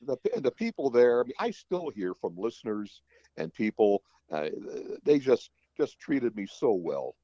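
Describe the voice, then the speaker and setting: Male radio newsman guest, low mellow voice, expressive delivery, dull lo-fi line. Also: normal speed, no echo. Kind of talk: casual interview chat.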